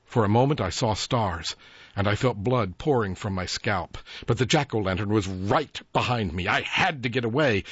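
A man narrating a spooky tale in a slow, dramatic scripted delivery, with a husky voice, in a dull, dry recording. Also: on the low side, no echo. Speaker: storyteller.

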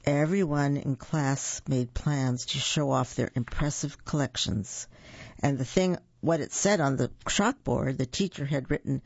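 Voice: mid-range voice, measured pace, creaky, breathy edge, no echo. A storyteller reading a picture book aloud with chatty asides to young listeners, in a dull, dry lo-fi recording.

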